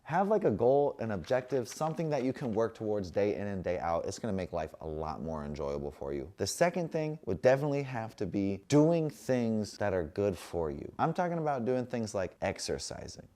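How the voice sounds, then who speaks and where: A man's voice: on the low side, lively intonation, a little fast, few pauses, dark tone. A young man talking casually and playfully to camera from his couch, giving slangy motivational advice. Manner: playful slangy delivery, puts on voices for his dog. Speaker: fitness vlogger. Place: home, sitting on a couch.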